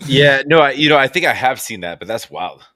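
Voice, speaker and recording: A man's voice: medium pitch, animated, a little fast, sharp tone, no room sound. A man co-hosting a live stream in casual chat, rambling with lots of fillers and swearing. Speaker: co-host.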